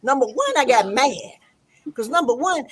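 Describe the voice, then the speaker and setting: A woman in her fifties telling a lively story in casual chat, laughing and acting out the people she quotes. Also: sits high, normal speed.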